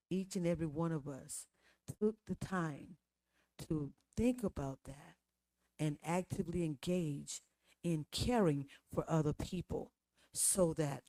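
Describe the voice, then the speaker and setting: A woman's voice: deep voice, warm tone, dry recording. Emphatic woman host with a dry, close voice. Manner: emphatic, preachy, speaking in a declaring cadence. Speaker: podcast host. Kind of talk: podcast interview.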